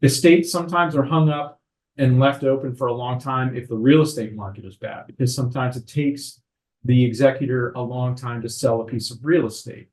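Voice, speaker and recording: A man, an estate planning attorney, explaining legal procedure in a measured way on a podcast conversation, slowing down on key terms. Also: mid-range voice, steady tone, a little mellow, poor audio.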